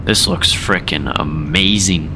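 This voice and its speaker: A man's voice: deep voice, slow, background noise. A young man streaming a flight sim, chatting casually in slang and joking with viewers. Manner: slangy, joking, drops into put-on accents. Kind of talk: casual livestream chat.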